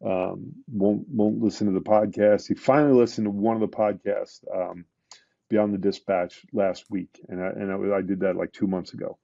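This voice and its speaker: A middle-aged man speaks low and mellow, working through a painful memory in a casual interview. He stumbles, restarts and leans on fillers as he goes. The podcast audio is dull and close, with no room sound. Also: fairly even intonation, gravelly, no room sound. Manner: emotional, halting retelling with many restarts and fillers. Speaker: podcast guest, retired police detective.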